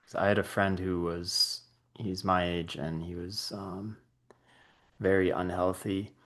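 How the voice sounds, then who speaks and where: Deep-voiced guy hosting a chill chat, calm and encouraging. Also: measured pace. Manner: relaxed and reassuring. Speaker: podcast host. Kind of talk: casual conversation.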